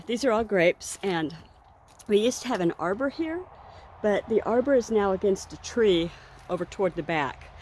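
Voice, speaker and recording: A woman's voice: on the low side, darkish tone, slight background noise. A woman chatting casually in a vlog while walking outdoors through her garden, rambling and laughing now and then, a little out of breath. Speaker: vlogger.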